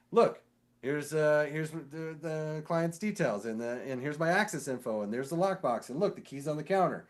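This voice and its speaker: A man casually telling a story on a podcast, animated and swearing, acting out the voices of the people in it. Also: a little high, moderate pace. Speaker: podcast co-host; sewer inspector.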